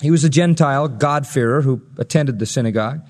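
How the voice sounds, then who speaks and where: A man's voice: mid-range voice, a little fast, darkish tone, big-room sound. A male pastor preaching an expository sermon, telling the story dramatically and acting out the quotes he reads.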